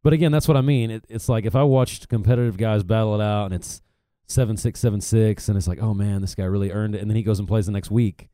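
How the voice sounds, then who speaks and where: A man with a low, very dark voice co-hosts a casual podcast. He talks in a dry, skeptical way and laughs easily. The sound is dry and close. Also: fast talker, few pauses, dry recording. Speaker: podcast co-host. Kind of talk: casual chat.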